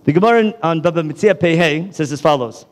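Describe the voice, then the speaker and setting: A man, a rabbi, giving a lively Bible lecture in a college hall, quizzing the audience and tossing off quick asides. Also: a little high.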